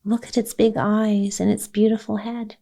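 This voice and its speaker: A woman's voice: mid-range voice, flat delivery, normal speed, gravelly, mellow. A woman voicing an animal-loving girl who begs. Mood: adoring. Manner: begging, grieved.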